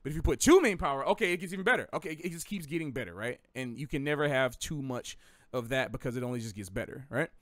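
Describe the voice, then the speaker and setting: A man's voice: mid-range voice, fairly bright tone, no room sound, clean studio sound. A man from the American South with a faint Southern accent, teaching jazz in a rambling, self-correcting, chatty way. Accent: slight Southern American. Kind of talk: casual livestream lesson.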